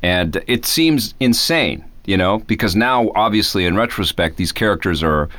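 A man's voice: on the low side, lively intonation, normal speed, fairly bright tone, no echo. A man in his thirties co-hosting a casual chat, enthusiastic and rambling with frequent restarts. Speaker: podcast co-host.

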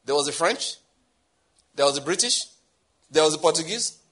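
Nigerian pastor with husky bright voice. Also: male voice, fairly high pitch, expressive, moderate pace. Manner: conversational preaching with repetitions and chuckles. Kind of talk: sermon.

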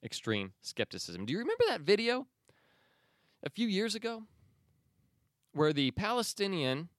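A man hosting a news commentary podcast, opinionated and sarcastic, often pausing with fillers and restarts. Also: high-pitched, big pitch swings, no room sound, clean studio sound. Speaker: podcast host.

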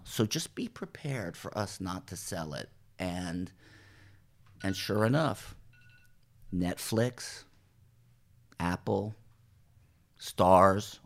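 A middle-aged man from New Jersey, a TV showrunner, telling animated stories in a podcast interview and acting out what people said. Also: lowish voice, vocal fry. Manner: animated anecdotes, acts out quoted voices, swears casually. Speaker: TV writer and showrunner, podcast guest. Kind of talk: casual storytelling interview.

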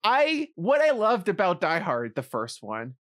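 Expressive podcast co-host, lively pitch. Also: dry recording, studio quality. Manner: expressive, laughs easily, quick asides. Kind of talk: casual movie podcast chat.

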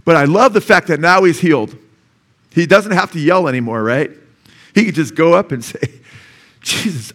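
A male pastor preaching a sermon, animated and conversational, often asking the congregation "amen?" and acting out the lepers' shouts. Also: medium pitch. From USA.

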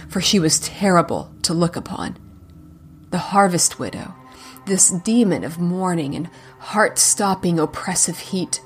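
A woman narrating a scripted folk horror story in a dramatic voice that drops into hushed whispers at times. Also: on the low side. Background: music.

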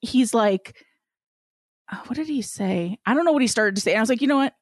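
A woman's voice: a little high, animated, fairly quick, no echo, studio quality. A woman telling stories in casual conversation, acting out the people she quotes and laughing often. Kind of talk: casual chat, storytelling.

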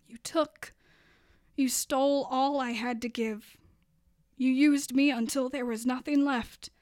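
A young adult woman performing a spoken word poem, her delivery moving between hushed passages and impassioned, rising lines. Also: on the high side, no echo, studio quality. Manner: dramatic, building from hushed to impassioned.

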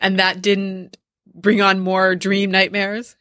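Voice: medium pitch, monotone, slow, bright, forceful tone, no echo, studio quality. An interview host who asks thoughtful, long-winded questions.

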